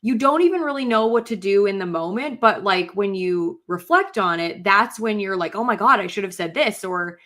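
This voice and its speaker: A woman co-hosting a casual podcast chat, who talks in an animated way with many fillers and acts out quotes. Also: mid-range voice, normal speed, hardly any pauses. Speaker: podcast co-host.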